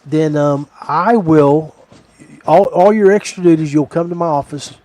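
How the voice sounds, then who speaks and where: A man's voice: on the high side, measured pace, dark tone, natural voice. A man voicing an older male head drill sergeant who coaxes and encourages a young recruit. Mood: encouraging.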